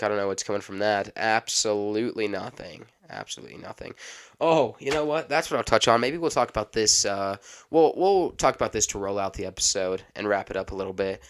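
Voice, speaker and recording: A young man hosting a casual solo podcast, rambling off the cuff and stopping now and then to cough and clear his throat. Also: lowish voice, a little fast, fairly bright tone. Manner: rambling, unscripted, self-interrupting. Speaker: podcast host.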